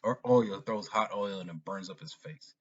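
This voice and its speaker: A deep-voiced man talks through a film in a casual, rambling review, restarting his sentences as he goes. His voice is husky. The recording sounds dull and lo-fi. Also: normal speed. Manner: rambling, with frequent restarts and fillers.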